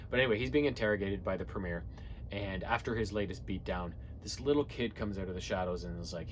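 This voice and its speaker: A man casually recapping comic book plots, rambling with fillers and restarts and quick quoted lines from the characters. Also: on the low side, a little hiss or hum.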